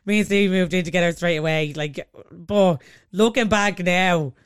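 A young Irish woman in sweary, animated podcast chat. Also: fairly low pitch, normal speed, clear, resonant tone, no echo, studio quality. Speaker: podcast co-host. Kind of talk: casual chat.

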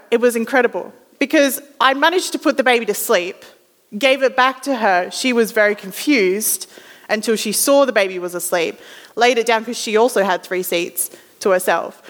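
Young Aussie woman preacher, somewhat high voice, chatty storytelling sermon, reverberant hall sound. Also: moderate pace. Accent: Australian. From Western Australia. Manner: chatty, self-deprecating, animated quoting. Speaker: ministry student preaching.

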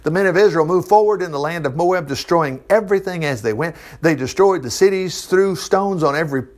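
A man's voice: fairly high pitch, brisk, a little mellow. Folksy man preaching from scripture. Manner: folksy, interrupts his own reading with asides. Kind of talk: Bible reading with running commentary.

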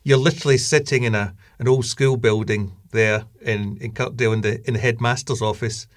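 A man hosts an interview podcast and poses his questions thoughtfully. His pace is measured and unhurried. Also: medium pitch, steady tone. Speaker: podcast host.

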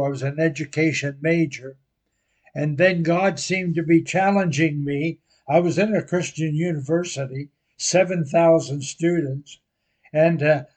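An older man preaching a sermon, telling a personal story slowly and earnestly. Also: fairly high pitch, darkish tone. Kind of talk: sermon testimony.

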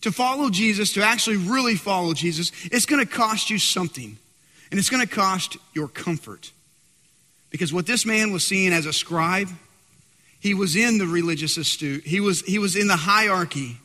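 A man preaching a sermon, dramatic and swinging from loud to hushed. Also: high voice, normal speed, long reverb tail. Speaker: pastor.

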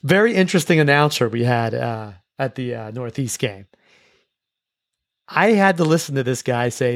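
Man, school sports show host, casual recap, stop-start phrasing, mid pitch, dry close sound. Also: moderate pace, vocal fry, dry recording. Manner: relaxed, with frequent restarts and repeated words.

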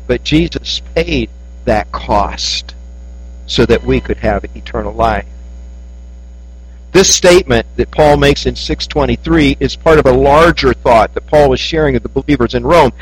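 A man preaching a sermon, telling a story that rises high and then drops soft. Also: a little slow, slight background noise, poor audio.

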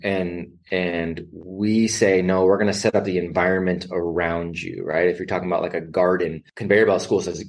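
A middle-aged man telling stories in conversation, emphatic and animated, acting out quoted voices. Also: deep voice, normal speed, hardly any pauses. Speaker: podcast guest, educator. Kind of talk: conversational storytelling.

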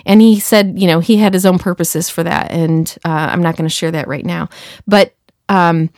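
A woman telling a personal story in a casual, animated way, acting out the dialogue and often saying "you know". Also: fairly low pitch, moderate pace, no room sound, clean studio sound. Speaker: speaker sharing a personal testimony.

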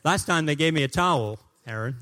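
Animated, joking male pastor preaching. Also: fairly high pitch, a little fast. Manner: joking, animated, swings from loud to hushed. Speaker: guest pastor. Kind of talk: sermon. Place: church sanctuary.

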